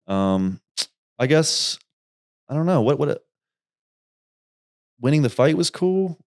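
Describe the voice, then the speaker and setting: A young man, a YouTuber and podcast guest, telling rambling, animated stories in casual talk and swearing freely. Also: fairly high pitch, slow pace. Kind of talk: casual storytelling.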